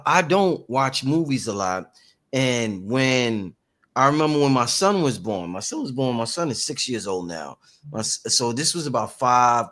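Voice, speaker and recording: A man in his thirties hosting a casual podcast, telling stories in an animated, slangy way with lots of repeats. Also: medium pitch. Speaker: podcast host.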